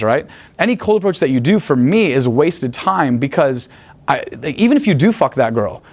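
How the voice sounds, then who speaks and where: A man coaching a live group in a room, talking in a chatty, profane way and tagging many points with "right?". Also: fairly high pitch. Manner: rapid, profane, chatty, asks "right?" often. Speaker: dating coach. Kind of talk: live seminar talk.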